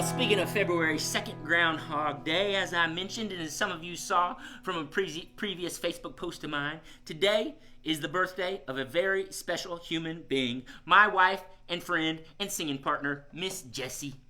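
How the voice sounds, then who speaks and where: A man hosts a live-streamed children's music show, playful and coaxing, often calling his young audience "y'all." His voice is a little high, bright, and forceful.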